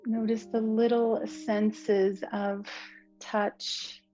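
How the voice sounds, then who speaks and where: A woman yoga teacher giving slow, soothing, gentle cues through relaxation and breathing. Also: mid-range voice, level tone. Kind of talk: guided yoga and relaxation instruction. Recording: slightly muffled recording with soft instrumental music.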